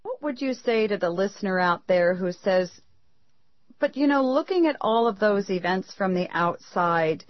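A man putting on a high falsetto to mimic an earnest male interviewer. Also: expressive, normal speed, no room sound, muffled recording.

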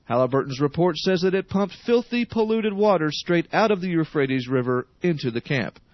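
A man's voice: fairly high pitch, lively intonation, normal speed, no echo. Sardonic male radio newscaster. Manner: sardonic editorializing. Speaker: news reader. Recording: dry, dull radio studio.

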